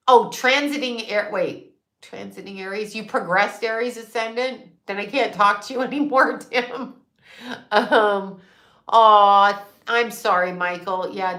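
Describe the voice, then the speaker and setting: Woman host, 60s, bright and forceful, candid and salty, livestream chat in an echoey room. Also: mid-range voice. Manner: candid, swears freely, laughs often. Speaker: psychic and astrologer livestream host. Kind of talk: casual livestream chat reading comments.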